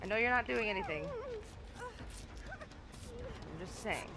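Woman, gaming host, unhurried but wildly animated commentary, jumpy yelps, heavy swearing. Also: on the high side, noisy background. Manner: excitable, swears a lot, yelps and shouts when scared. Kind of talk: live gameplay commentary. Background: loud game music and sounds.

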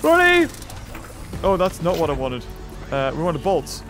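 A young man hosting let's-play commentary, excitable and full of exclamations. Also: on the high side, moderate pace. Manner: excitable, frequent exclamations and laughs. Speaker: gaming channel host. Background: game music.

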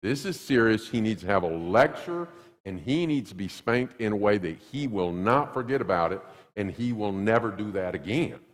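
Animated low-voiced male preacher. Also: normal speed, big-room sound. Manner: animated, acts out quotes, emphatic repetition. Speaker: pastor. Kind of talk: sermon. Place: church sanctuary.

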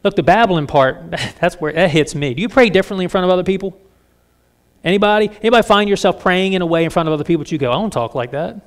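Candid preacher man, slightly high voice. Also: quick pace. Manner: candid, self-deprecating, lively asides. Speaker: pastor. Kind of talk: conversational sermon.

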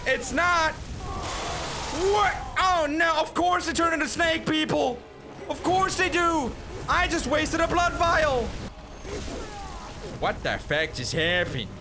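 A man giving let's play commentary, swearing and exasperated, bursting into shouts, with game music behind. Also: very high voice, big pitch swings, slow pace. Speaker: gaming YouTuber.

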